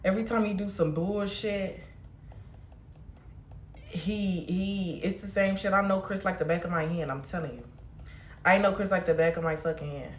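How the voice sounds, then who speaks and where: A woman's voice: fairly low pitch, steady tone, normal speed, pauses often, echoey room, slight background noise. A woman hosting a livestream, venting in a blunt, heated, profane way. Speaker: livestream host.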